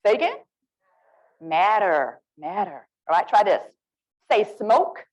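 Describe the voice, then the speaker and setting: A woman with an Alabama Southern accent, leading a lively, interactive literacy workshop and coaxing the audience to join in. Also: medium pitch, takes it slowly, muffled recording. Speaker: literacy presenter.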